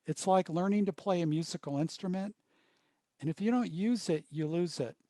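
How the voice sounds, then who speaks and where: Trainer, male, high voice, dry close sound, phrased storytelling delivery. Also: mellow, no echo. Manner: storytelling, pausing in short phrases. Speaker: workshop trainer. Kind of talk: workshop presentation.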